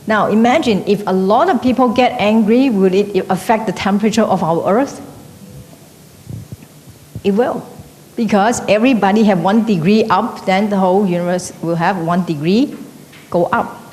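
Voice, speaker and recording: A woman's voice: moderate pace, a little mellow. A woman teaching an evening class, lecturing conversationally and checking in with the class through frequent tag questions. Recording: echoey hall with faint rumble.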